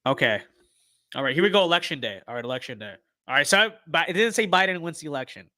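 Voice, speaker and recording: A young man casually commenting on his own gameplay, sarcastic, muttering to himself and then bursting into excited shouts. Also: a little high, quick pace, no room sound, clean studio sound. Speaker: streamer.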